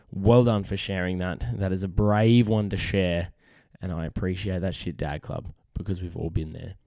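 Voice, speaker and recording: A man's voice: deep voice, mellow, dry recording. A young Australian man hosting a casual podcast, laid-back and matey, swearing freely and losing his voice. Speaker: podcast host. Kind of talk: casual chat.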